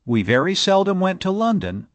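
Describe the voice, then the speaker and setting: A man voicing a sweet-voiced, brisk middle-aged Scottish widow of rank, reading an audiobook, in a lively voice. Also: high voice, no echo, pitched above the performer's own voice. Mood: brisk friendly.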